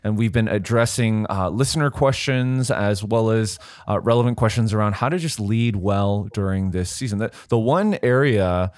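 A low-voiced man hosting a podcast who keeps the talk on course in a steady, easy tone. His voice is dry and close to the mic. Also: normal speed, few pauses, no room sound. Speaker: podcast host. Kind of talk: casual podcast chat.

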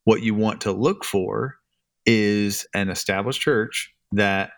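A man's voice: fairly low pitch, slow, no room sound. A middle-aged man co-hosting a podcast about church leadership, thoughtful and searching for his words. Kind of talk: casual podcast discussion.

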